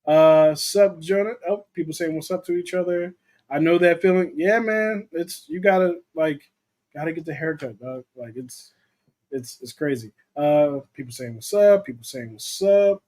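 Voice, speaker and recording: A young man co-hosts an informal movie livestream, loosely chatting and voicing viewer comments aloud. He speaks at a normal speed in a slightly high, slightly mellow voice.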